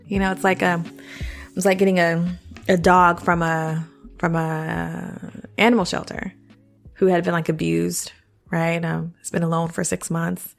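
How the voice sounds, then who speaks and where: Gravelly-voiced woman giving frank advice. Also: lowish voice, little pitch movement, measured pace, soft background music. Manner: chatty, frank, keeps checking in with the listener. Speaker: podcast host. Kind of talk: casual advice monologue.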